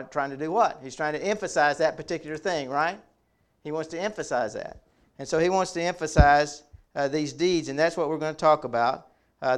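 A man delivers a sermon in a relaxed, conversational way. His voice sits a little high and sounds smooth and clear. He often repeats a word or phrase as he drives toward a point. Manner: conversational, repeats words while building a point. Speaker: pastor.

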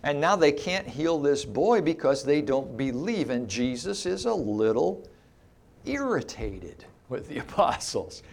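A man's voice: medium pitch, sing-song, unhurried, creaky. A middle-aged man preaching an expository sermon, teaching emphatically and asking rhetorical questions of his listeners.

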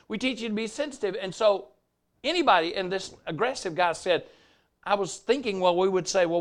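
An older Southern man preaching from the pulpit, his voice pitched high for a man. He tells stories with animated storytelling and acts out the people he quotes. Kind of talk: sermon storytelling.

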